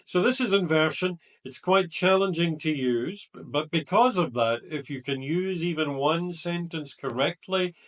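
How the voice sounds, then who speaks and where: Male tutor, middle-aged, fairly high voice, unhurried, reads examples deliberately. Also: lively intonation, recorded from a distance. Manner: slow, deliberate, reading example sentences aloud. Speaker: IELTS examiner and teacher. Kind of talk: explanatory grammar lesson.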